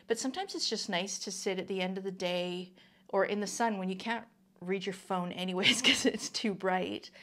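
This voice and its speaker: Chatty woman from Canada, lowish voice. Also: a bit bright. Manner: chatty, with many ums and asides. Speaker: vlogger. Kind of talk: casual product review.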